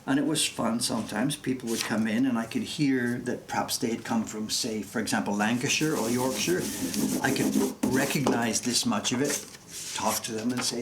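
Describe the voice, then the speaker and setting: A man's voice: medium pitch, steady tone, normal speed. Chatty Canadian man in his sixties. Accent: Canadian with faint English traces. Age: 60s. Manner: chatty, enthusiastic, easily amused. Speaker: printmaker streaming his workshop. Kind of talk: casual live-stream chat. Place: print workshop, indoors. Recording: echoey room with background noise.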